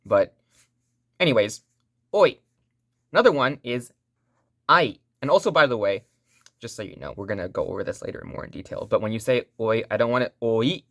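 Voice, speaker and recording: A woman's voice: a bass voice, lively intonation, a little fast, long pauses, no room sound, clean studio sound. A woman teaching a language lesson online in a playful, joking way, repeating sounds for learners to say back.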